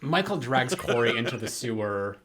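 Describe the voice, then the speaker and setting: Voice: medium pitch, animated, moderate pace, a bit bright. A podcast co-host in a casual film chat, laid-back.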